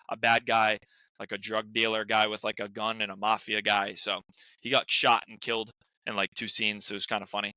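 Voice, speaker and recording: Bright-voiced young man telling stories. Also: lowish voice, clear, resonant tone, no room sound. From Rhode Island. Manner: rambling storyteller, many restarts and "like"s. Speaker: guest actor. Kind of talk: casual chat.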